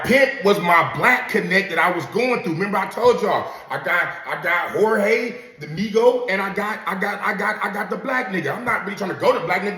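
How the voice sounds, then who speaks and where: A man's voice: high-pitched, sharp tone. A man casually telling his own story to an audience, in profane, streetwise talk, and he keeps checking in with his listeners. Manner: profane, streetwise, keeps checking in with "you know what I'm saying". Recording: roomy, distant from the mic.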